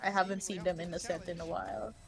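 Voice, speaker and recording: A woman's voice: fairly low pitch, fairly even intonation, fast, gravelly. Nervous, giggly woman co-streamer. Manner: nervous exclamations, lots of laughing. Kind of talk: casual esports co-watching chat.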